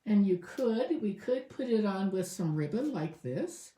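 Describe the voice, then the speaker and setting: A woman's voice: medium pitch, lively intonation, a little slow, dark tone, echoey room. A woman showing a craft step by step in a casual tutorial, chatting and thinking aloud as she works. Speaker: crafting demonstrator.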